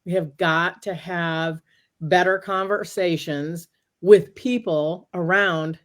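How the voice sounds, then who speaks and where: A woman, a guest on an interview show, telling a personal story in a casual, animated way, often quoting what she said to herself. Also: lowish voice, takes it slowly. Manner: animated, talks through quoted inner dialogue.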